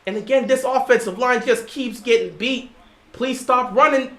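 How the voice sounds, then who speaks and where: A man hosting a livestream, calling a football game live and lecturing his chat in an animated way. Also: very high voice, moderate pace. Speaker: livestream host. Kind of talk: live game watch-along commentary. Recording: roomy echo.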